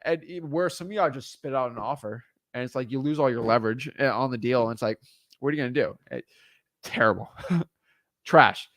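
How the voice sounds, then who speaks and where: A man coaching real estate wholesaling in a blunt, energetic, casual way. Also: medium pitch, brisk, no echo, studio quality. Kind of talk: casual instructional talk.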